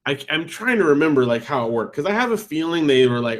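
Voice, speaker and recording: With a fairly high voice, big pitch swings, and a fast delivery, a man in his thirties chats casually as a podcast co-host. He rambles a lot, using plenty of fillers and often starting over.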